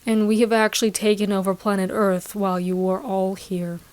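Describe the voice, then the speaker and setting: A woman voicing a calm, sinister small alien ruler in a flat, slow and menacing tone. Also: medium pitch, no room sound, natural voice. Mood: cold, sinister.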